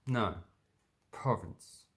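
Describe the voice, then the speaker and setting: An Australian man casually explaining words from a dictionary, thinking aloud with many pauses and restarts. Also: a bit bright. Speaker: language vlogger.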